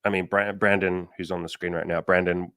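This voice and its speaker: A man's voice: low-pitched, flat delivery, brisk, vocal fry, fairly bright tone, no echo. A man hosting a casual livestream as a dating coach, blunt and swearing casually, acting out the people he quotes.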